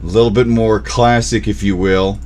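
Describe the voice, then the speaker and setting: A young man streaming live, chatting casually in a rambling, scattered way with sudden yelling bursts. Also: fairly low pitch, fairly even intonation, normal speed, slight background noise.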